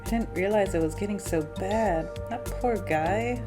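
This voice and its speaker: A woman co-hosting a casual podcast, chatting and reading game narration aloud with playful asides. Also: music in the background. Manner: reads narration lower and slower, playful asides. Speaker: podcast co-host.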